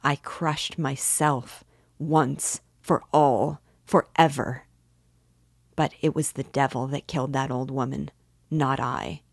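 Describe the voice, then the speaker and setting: A woman's voice: a bass voice, fairly even intonation, slow, vocal fry, no echo, clean studio sound, heavily acted. A woman voicing a tormented young male murderer in a storybook reading, speaking with anguished bitterness.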